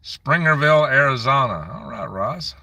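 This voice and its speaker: Gravelly guy on a phone live stream reading off where folks are from, kinda far from the mic. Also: mid-range voice, lively intonation, normal speed, bright, forceful tone, no room sound. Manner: reads out viewer comments and locations; chatty, grumbling asides. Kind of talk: casual live stream chat.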